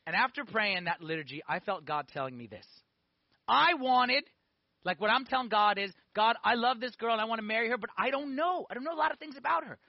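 Fast, high-voiced man telling his story. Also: dry recording, highs cut off. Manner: animated storytelling with frequent "okay?" and "like". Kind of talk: personal testimony sermon.

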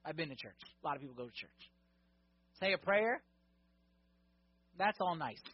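A man preaching a sermon to a congregation, swinging between loud emphasis and quiet asides, with a husky voice. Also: fairly high pitch, sing-song, moderate pace, pauses often, muffled recording.

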